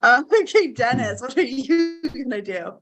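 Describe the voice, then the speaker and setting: High-voiced young woman GM, giggly, swears a lot, animated narration. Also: moderate pace, over music. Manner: giggly, expletive-laden, animated. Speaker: game master. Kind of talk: narrating a tabletop game.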